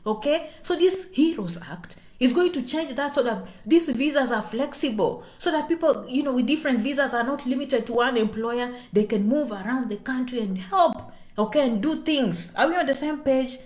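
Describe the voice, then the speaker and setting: Woman, slightly high voice, chatty explainer who drops to a whisper on sensitive points. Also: moderate pace. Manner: checks in with "okay?" constantly; animated, swings between loud and soft. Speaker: immigration vlogger. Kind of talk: casual explainer to viewers.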